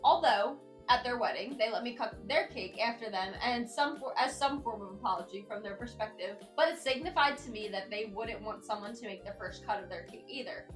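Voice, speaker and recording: A woman's voice: fairly high pitch, brisk, hardly any pauses. A woman hosting a casual chat, reading Reddit stories aloud in a rambling, filler-heavy way, sitting in a spinny chair. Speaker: host. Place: indoors at home in a spinny chair. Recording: echoey room, faint background music.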